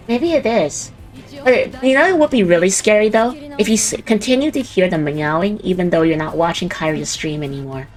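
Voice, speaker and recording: A woman's voice: fairly low pitch, moderate pace, soft background music. A woman playing a game with a friend, chatting casually and giggling often. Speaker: co-op player. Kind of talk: casual gaming chat.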